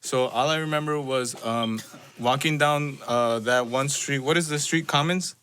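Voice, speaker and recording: A man's voice: medium pitch, normal speed, fairly bright tone, slight background noise. Young man telling a rambling story. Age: young adult. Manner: hesitant, rambling storyteller with fillers. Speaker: podcast guest. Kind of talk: casual chat.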